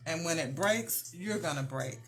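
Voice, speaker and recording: A woman's voice: deep voice, animated, normal speed, fairly bright tone, soft background music. A middle-aged woman hosting a motivational talk, speaking earnestly and directly to her viewers, repeating her key points and often calling them "you guys.". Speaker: host.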